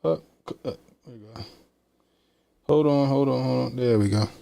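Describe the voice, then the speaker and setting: Casual male stream host, gravel in the voice, easy slangy delivery. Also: medium pitch, moderate pace, warm tone, no room sound, faint music behind. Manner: laid-back slangy banter, laughs often. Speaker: livestream host. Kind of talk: casual livestream chat.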